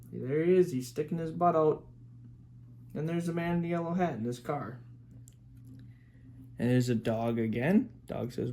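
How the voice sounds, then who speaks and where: A man's voice: mid-range voice, measured pace, pauses often, warm tone. A man reading a picture book aloud to his young daughter, pointing out pictures and making animal sounds.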